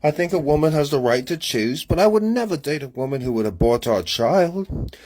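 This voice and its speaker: A man's voice: fairly high pitch, lively intonation, moderate pace, a little mellow. A man talking through his daily journal in a rambling, candid, opinionated way. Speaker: vlogger writing a daily journal. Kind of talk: casual spoken diary. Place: Honolulu.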